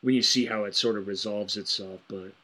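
A man co-hosting a podcast, chatting casually and explaining his thoughts in a measured way. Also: on the low side, fairly even intonation, over a noisy crowd. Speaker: podcast co-host. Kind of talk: casual chat.

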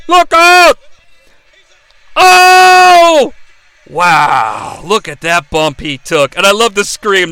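A man hosting a live watch-along of a wrestling match, calling the action in an excitable, profane way. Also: high-pitched, clean tone, no room sound. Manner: excitable, profane, yelling play-by-play. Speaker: host.

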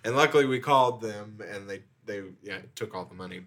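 Male podcast host, lowish voice, casual and rambling. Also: brisk, a bit bright. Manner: rambling, filler-heavy. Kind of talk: casual chat.

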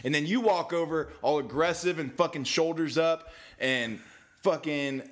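A young man co-hosting a podcast, chatting casually in a sarcastic, deadpan way with frequent swearing. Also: fairly high pitch, normal speed. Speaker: podcast co-host. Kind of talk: casual chat.

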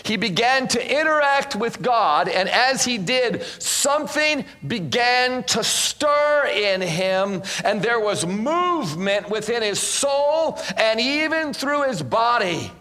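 A man preaches to a congregation in church, telling stories and playing each part. His voice sits high and sounds bright and forceful. He is animated throughout. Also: slow, few pauses, long reverb tail. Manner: animated, acts out dialogue. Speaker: guest minister. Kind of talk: sermon with storytelling.

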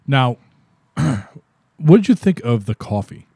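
A man's voice: medium pitch, very animated, slow pace, a little mellow, no room sound. A man co-hosting a podcast, chatting casually with dry, teasing banter. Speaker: podcast co-host. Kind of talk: casual chat.

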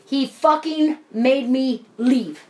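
A woman's voice: sits high, slow pace. A woman co-hosting a casual chat, telling a story animatedly with lots of swearing. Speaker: podcast co-host.

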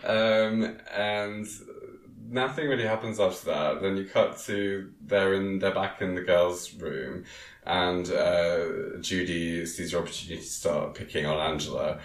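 Guy rambling thru a movie recap, lots of ums, low voice, echoey room. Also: fairly even intonation, unhurried. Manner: rambling, many ums, laughs often, quotes characters in silly voices. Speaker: podcast co-host recapping a film. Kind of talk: casual chat.

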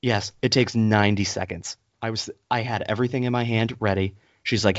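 Low-voiced man ranting through a story. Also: a little fast, hardly any pauses, no room sound. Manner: animated storyteller, acts out others in high voices. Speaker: podcast co-host. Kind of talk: casual storytelling rant. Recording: dull lo-fi, dry sound.

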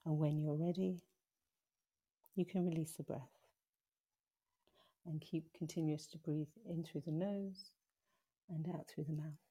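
Low calm woman guiding meditation. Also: slightly rough. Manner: slow soothing guidance. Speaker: guest. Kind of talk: guided meditation then interview.

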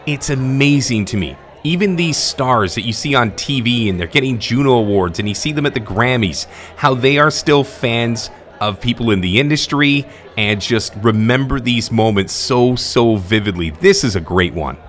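A man's voice: medium pitch, lively intonation, moderate pace, few pauses, a bit bright. A man hosting a podcast, looking back on favourite interviews in an enthusiastic, conversational way. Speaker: podcast host. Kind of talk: reflective show narration.

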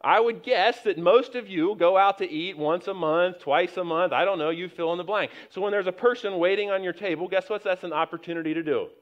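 In a high-pitched voice, a middle-aged man preaches fairly quickly with few pauses. As pastor he tells stories in a conversational way, often restarting and rising to emphatic points, on a slightly dull lo-fi recording.

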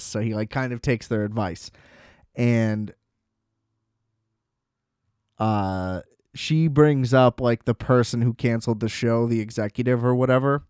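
A man's voice: mid-range voice, measured pace, pauses often, a little mellow, smooth, no echo, clean studio sound. A young man chatting casually on his own, rambling, swearing freely and laughing often. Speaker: solo vlogger. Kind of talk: casual chat.

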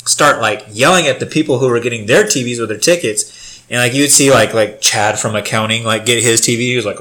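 A man's voice: mid-range voice, fast talker, bright, forceful tone. A young man telling a rambling, profane story in casual chat, full of filler words.

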